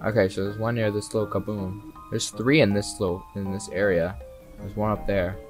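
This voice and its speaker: A young man doing live commentary on a horror game, excitable and swearing freely, talking straight to the characters and breaking into sudden yells. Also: on the low side, normal speed. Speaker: streamer. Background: faint game music.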